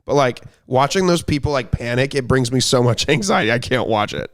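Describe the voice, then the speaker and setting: Casting: young male podcast host, relaxed and rambling, easy laugher, conversational. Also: mid-range voice, brisk. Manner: laid-back, rambling storyteller who laughs easily. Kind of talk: casual chat.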